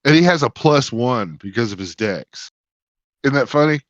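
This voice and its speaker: A man playing a tabletop game, eagerly working out the party's next move. His mid-pitched voice comes through a dull, lo-fi mic with a dry, close sound. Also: lively intonation, moderate pace, no room sound. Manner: eager, planning tactics. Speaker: player. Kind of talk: casual tabletop game chat.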